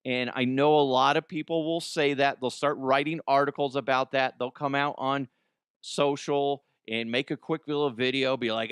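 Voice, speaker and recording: A man's voice: medium pitch, steady tone, moderate pace, fairly bright tone, clear, resonant tone, no room sound, clean studio sound. A man in his forties hosting a comedy podcast, rambling in a casual, profane monologue. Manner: profane, rambling, laughs at own jokes.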